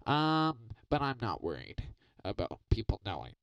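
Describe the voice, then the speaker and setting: A man improvising a comedy podcast bit, rambling and boasting deadpan about absurd things. His pitch swings up and down a lot. The sound is dry and close. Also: normal speed, creaky, no room sound, lo-fi sound.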